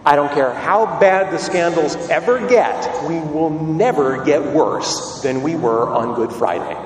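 A man's voice: a little high, measured pace, slight background noise. A man preaching a sermon, telling the story dramatically and asking rhetorical questions. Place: church. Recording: echoey hall, distant mic, faint ambience.

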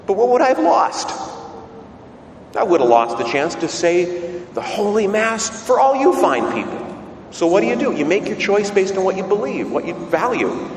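A man's voice: high-pitched, sing-song, normal speed, a little hiss or hum. A man, a Catholic priest, giving a conversational homily at Mass and peppering the congregation with rhetorical questions. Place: large church. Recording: echoey church hall from far off, faint ambience.

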